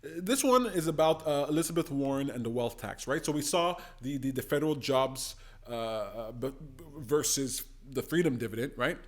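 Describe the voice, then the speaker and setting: A man hosting a political commentary channel, reacting to debate clips with animated, indignant outbursts. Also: medium pitch, moderate pace. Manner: animated, bursts into indignant exclamations.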